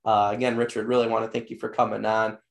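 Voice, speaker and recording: A man's voice: fairly low pitch, monotone, quick pace, gravelly. A man hosting a podcast interview, rambling with lots of fillers, enthusiastic, and losing his voice. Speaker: podcast host. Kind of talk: casual interview wrap-up.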